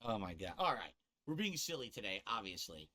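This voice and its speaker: Ranting, profane man with a bright voice. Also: lowish voice, very animated, fairly quick. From US East Coast. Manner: ranting, profane, laughs at himself. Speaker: live streamer. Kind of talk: casual live-stream rant.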